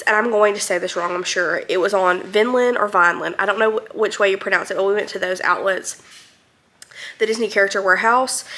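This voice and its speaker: Woman vlogger, bright tone, rambling and friendly filler-heavy delivery. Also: mid-range voice. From North Alabama, US. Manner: chatty, many ums and likes. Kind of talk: casual rambling recap.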